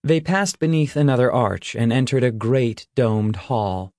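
Slow, measured male storyteller. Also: medium pitch, darkish tone, no room sound, clean studio sound. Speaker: audiobook narrator. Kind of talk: scripted narration.

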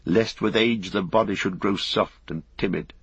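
A man voicing a proud, bitter old male lord, speaking slowly and weightily. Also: fairly low pitch, husky, dry recording.

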